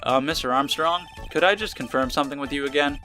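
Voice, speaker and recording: A man's voice: a little high, fast talker, pushed and bright, soft background music. A man reading a polite young lawyer. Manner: polite, questioning.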